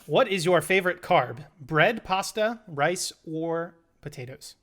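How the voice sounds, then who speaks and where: A young man co-hosting a casual chat show, firing off playful quick questions at his friend and laughing along. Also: on the high side, expressive, fairly bright tone. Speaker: podcast co-host.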